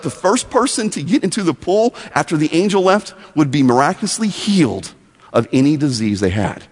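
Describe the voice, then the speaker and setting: A man teaching a Bible lesson as a story, animated and often repeating words as he starts. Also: on the high side. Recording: long echoey hall reverb.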